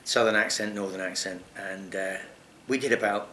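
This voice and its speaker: A man tells a rambling story in a loose, animated way, swearing freely and breaking into laughs. His voice is lowish yet bright and forceful, and it echoes around the room over a faint hiss. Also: moderate pace. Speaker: guest actor. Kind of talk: casual storytelling.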